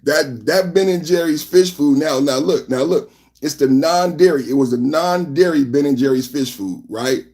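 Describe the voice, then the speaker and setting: A fairly high-voiced man from San Francisco hosts a live political podcast from a home setup. He talks loudly and with lots of energy, reading the chat aloud as he goes. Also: normal speed. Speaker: podcast host. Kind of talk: live-stream political commentary.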